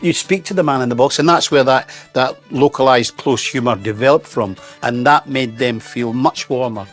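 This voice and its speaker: A Scottish man telling lively anecdotes about going to the theatre. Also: mid-range voice, moderate pace, faint music behind. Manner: animated raconteur. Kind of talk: anecdotal storytelling.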